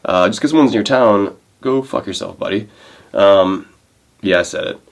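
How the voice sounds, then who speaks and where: A man's voice: lowish voice, normal speed, a little hiss or hum. A young man chatting casually to camera in his vlog, rambling and telling stories with lots of fillers and restarts. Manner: rambling, animated storytelling with many fillers and restarts. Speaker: vlogger.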